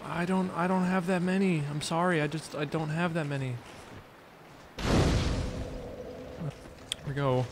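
A young man doing let's play commentary, excitable and sarcastic, trash-talking enemies and swearing. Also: a little high, unhurried, pauses often. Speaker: gaming video host. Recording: noisy background.

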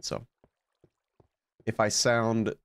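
A man's voice: lowish voice, completely flat delivery, extremely slow, clear, resonant tone, no room sound. A man commenting casually on his game as a let's play host, sleepy and just woken up, musing aloud with plenty of fillers.

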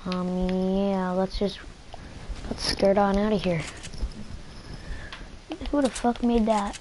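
A woman's voice: medium pitch, fairly even intonation, slow pace, long pauses, a little mellow, a little hiss or hum, poor audio. A woman giving casual, profane commentary while streaming a game, trash-talking and repeating herself. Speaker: gaming streamer.

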